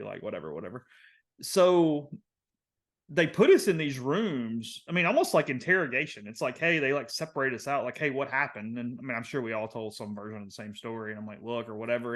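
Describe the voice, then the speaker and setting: A young man with a Southern American accent, casually telling a long story on a podcast, rambling with lots of fillers and getting animated. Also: medium pitch. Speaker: podcast co-host.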